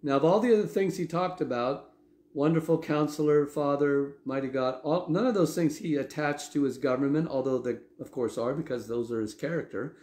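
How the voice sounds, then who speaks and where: A man preaching a sermon in a conversational way, often checking in with his listeners with a quick "okay?". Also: fairly high pitch, darkish tone, roomy sound. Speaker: pastor.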